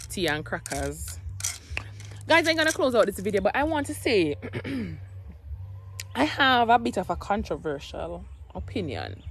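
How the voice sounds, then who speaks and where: A woman's voice: mid-range voice, a bit bright, slight background noise. A young Jamaican woman talking casually to camera in a home vlog, chatty and rambling, slipping into patois. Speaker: vlogger, single mother.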